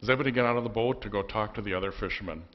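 Upper Midwest pastor, low voice, folksy storyteller. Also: male voice, very fast, highs cut off. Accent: Upper Midwest American. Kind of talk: storytelling sermon. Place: church sanctuary.

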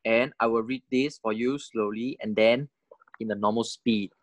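A man teaching a language online, explaining slowly and mixing in words from other languages. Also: lowish voice, fairly even intonation, no room sound. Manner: slow explaining, mixing in Thai and Chinese words.

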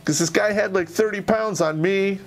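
A man casually telling an army anecdote, swearing constantly and retelling it with animated energy. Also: sits high, moderate pace. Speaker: army veteran storyteller.

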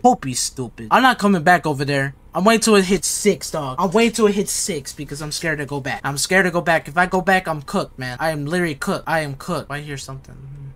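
A man's voice: fairly high pitch, fairly bright tone. A young man giving casual horror game commentary, jittery and slangy, repeating himself often. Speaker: gaming YouTuber.

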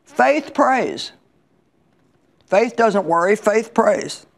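A woman's voice: mid-range voice, lively intonation, extremely slow, vocal fry. A woman Bible teacher preaching a sermon in a conversational, emphatic way, repeating her key lines.

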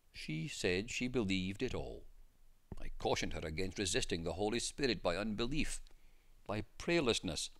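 A man narrating an old pastor's memoir in a measured, formal reading style. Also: low voice, fairly bright tone. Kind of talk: scripted narration.

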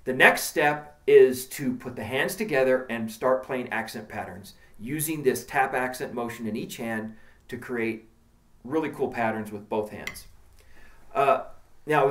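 A man's voice: medium pitch, fairly bright tone. A man teaching a drum lesson, coaching emphatically and counting out patterns as he demonstrates. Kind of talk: instructional lesson.

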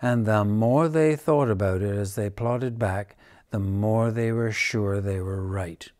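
Slow, gentle man reading a picture book. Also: lowish voice. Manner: gentle, unhurried, dramatic. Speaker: storyteller.

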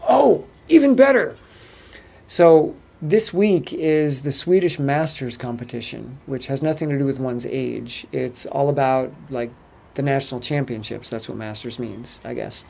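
Gravelly American man vlogging. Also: medium pitch, moderate pace. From United States. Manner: relaxed, chatty storytelling with laughs. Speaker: travel vlogger. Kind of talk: casual vlog commentary.

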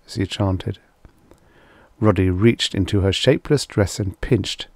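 Man, audiobook narrator, low voice, dry close sound, measured storytelling. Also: a little mellow, dry recording. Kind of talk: scripted narration of vintage science fiction.

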